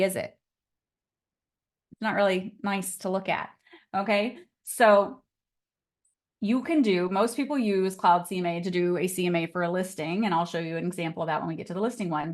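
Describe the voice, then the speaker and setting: A woman teaching a casual live online class on real estate, chatty and upbeat and often laughing, on a computer mic over a video call. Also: mid-range voice.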